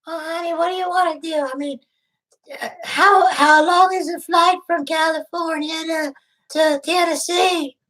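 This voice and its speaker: Woman, high voice, prank caller: giggly, clingy, overly emotional. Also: steady tone, a little slow, fairly bright tone, poor audio. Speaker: scam baiter posing as a lonely woman. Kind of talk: prank phone call.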